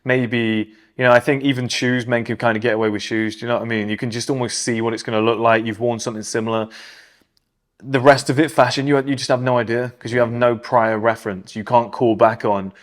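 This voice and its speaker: A man with a neutral British accent, co-hosting a casual podcast and telling stories in a blunt, animated way full of "like" fillers. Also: mid-range voice, fast talker. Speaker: podcast co-host.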